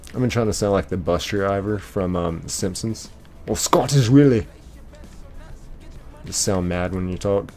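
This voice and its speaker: A man's voice: low voice, steady tone, moderate pace, hardly any pauses, a little mellow, faint music behind. An American man hosting a livestream, reading out viewer comments and answering them in a rambling, casual way with many fillers. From United States. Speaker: livestream host.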